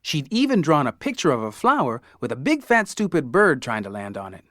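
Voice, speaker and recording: A man narrating an audiobook in the first person, with an expressive, wry storytelling manner. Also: mid-range voice, brisk, no room sound, clean studio sound.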